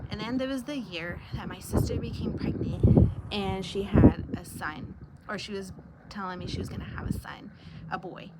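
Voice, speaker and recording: Woman host, earnest emotional testimony, fighting tears, heavy background noise. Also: medium pitch. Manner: earnest, emotional, pausing to hold back tears. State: near tears. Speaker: devotional video host. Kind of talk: personal faith testimony.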